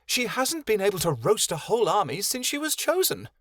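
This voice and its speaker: A man doing a high-voiced fairy warrior girl. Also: big pitch swings, brisk, fairly bright tone, dry recording, studio quality, heavily acted. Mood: tense. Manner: speaks of herself in the third person. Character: small fierce female fairy warrior.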